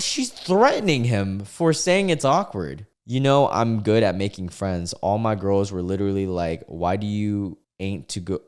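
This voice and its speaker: A man's voice: sits low, a little mellow, clear, resonant tone. A young man casually reading out online posts and reacting with incredulous comments, as a regular video host.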